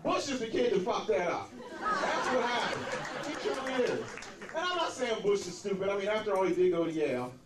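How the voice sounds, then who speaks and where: A man doing a crude, brash stand-up comedy set in a comedy club, slipping into quick impressions of the people in his stories. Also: sits high, very animated. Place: comedy club stage with a laughing audience. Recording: roomy club recording from a distance, crowd laughter.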